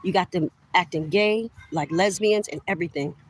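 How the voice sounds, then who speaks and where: Speaking at a moderate pace in a lowish voice with a breathy edge, this middle-aged woman delivers a heated, accusatory rant straight to camera. As a vlogger, she addresses viewers as "y'all" and keeps repeating points to drive them home. The audio is low quality.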